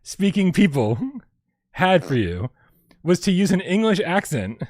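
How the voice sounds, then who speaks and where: A man's voice: sits high, very animated, measured pace, a little mellow, no echo. Guy co-hosting a gaming show, bouncy voice all over the place, dry close sound, jokey and rambly. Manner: joking, rambling with restarts. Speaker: co-host. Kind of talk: casual podcast chat.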